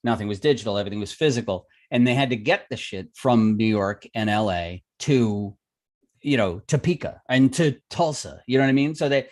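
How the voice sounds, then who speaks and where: Fairly quick and a little mellow, this medium-pitched man speaks with lively intonation as a podcast co-host on a casual livestream. Once a record store clerk and now a music industry veteran, he spins long, rambling stories full of fillers and restarts.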